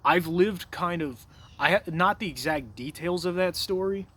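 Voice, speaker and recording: With a high, sharp voice that has a breathy edge, a man vlogs straight to camera at a moderate pace. He swears liberally, keeps addressing the viewer as "bro" and "dude," and drifts from point to point with easy confidence, sometimes leaving thoughts unfinished.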